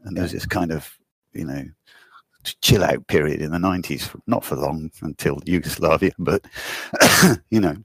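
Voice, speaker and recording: A man's voice: extremely low pitch, moderate pace, fairly bright tone, slightly rough, no echo, studio quality. A man talking in a loose, rambling casual conversation, swearing offhandedly and laughing often.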